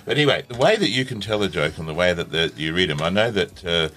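A man's voice: low-pitched, lively intonation, fast talker, bright, forceful tone. A man hosting a casual interview, jovial and laughing often as he leads laughing exercises. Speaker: host.

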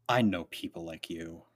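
A man's voice: deep voice, pitched below the performer's own voice, heavily acted. A man voicing a resentful, weary former welder who lives alone out in the woods, speaking bluntly in a tabletop role-play. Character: bitter male former welder hermit.

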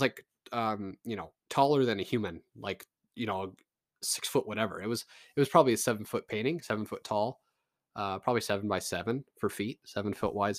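A man's voice: medium pitch, no room sound, clean studio sound. A man from Canada delivering a casual, profane, sarcastic rant to his audience. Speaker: vlogger.

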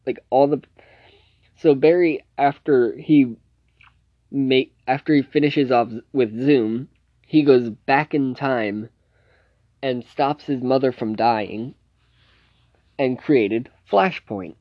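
A man's voice: medium pitch, slow, long pauses, dry recording, highs cut off. A man casually recapping a TV series plot in a loose, rambling way, full of fillers and self-corrections. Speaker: TV series reviewer.

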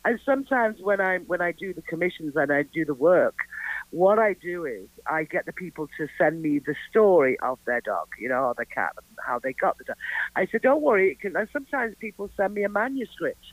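A man's voice: a little high, a little fast, no room sound, poor audio. A man, an artist, chatting casually in an interview and acting out quoted conversations as he tells stories. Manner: animated storyteller, acts out quotes. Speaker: artist guest.

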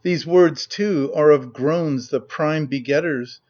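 A man reading the lines of a gloating usurper in a proud, measured declaiming manner. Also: a little high, a little mellow, highs cut off. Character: gloating usurper, avenger of his father.

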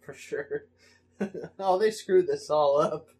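A man's voice: fairly high pitch, takes it slowly, a little mellow. A man co-hosting a podcast in casual chat, chuckling through his sentences. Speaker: podcast co-host.

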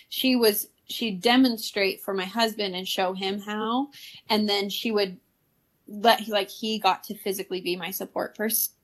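A woman's voice: medium pitch, fairly bright tone. A woman in her thirties, a podcast guest telling a story in casual chat, laughing often and using many fillers.

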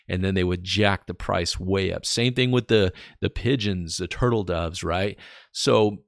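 A man giving informal Bible teaching on his podcast, chatting casually and slowing down to read scripture with emphasis. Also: fairly low pitch, no echo, studio quality. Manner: conversational, reads scripture slowly with emphasis.

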